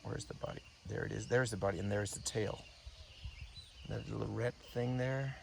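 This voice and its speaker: Man, gravelly, hushed commentary, thinking aloud, outdoors, insect and bird noise behind. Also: on the low side, normal speed. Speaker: breathing coach filming wildlife. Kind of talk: unscripted nature commentary while filming. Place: outdoors on a morning walk near a temple. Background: insects and birds.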